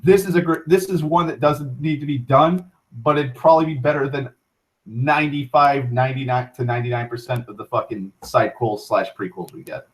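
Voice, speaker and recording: A young man hosting an online talk show, rambling casually with frequent profanity, restarts and excited tangents. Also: medium pitch, a little fast, low-quality recording. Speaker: internet talk show host.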